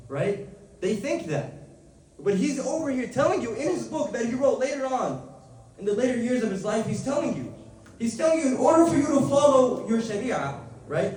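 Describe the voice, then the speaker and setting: High-voiced male teacher in an echoey room. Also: very animated, darkish tone. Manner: conversational, asks the class questions, switches to rapid text reading. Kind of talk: classroom lesson. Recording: echoey room, mic at a distance.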